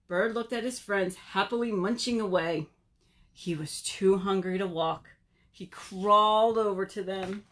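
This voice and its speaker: A woman, a children's librarian, reading a story aloud at home for a virtual storytime, expressive and talking directly to the kids. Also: medium pitch, a little slow.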